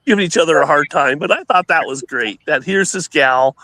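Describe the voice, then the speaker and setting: A man's voice: fairly high pitch, fairly quick, pushed and bright, no room sound. A man telling stories in casual chat on a show, rambling with many restarts and laughs.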